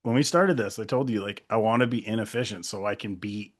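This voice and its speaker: A man co-hosting a podcast in casual chat, animated, laughing often and acting out remarks. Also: lowish voice, a little fast. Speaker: podcast co-host.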